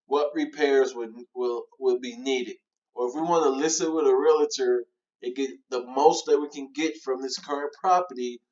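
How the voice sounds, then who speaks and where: Man, mid-pitched, casual trainer walking through a call script with fillers; lo-fi sound. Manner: relaxed, many fillers, acts out sample call lines. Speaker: real estate trainer. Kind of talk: casual instructional walkthrough.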